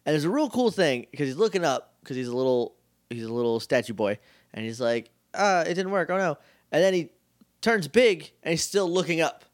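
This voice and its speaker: Chatty young man, slightly high, dry. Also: sing-song, no echo. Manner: chatty, acts out characters in quick asides. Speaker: podcast co-host. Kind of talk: casual chat recapping a TV episode.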